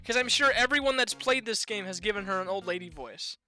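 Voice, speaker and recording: A man's voice: high voice, brisk, bright, forceful tone, soft background music. A man streaming a game, chatting casually and joking about the voices he does. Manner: chatty, self-mocking. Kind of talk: casual gameplay commentary.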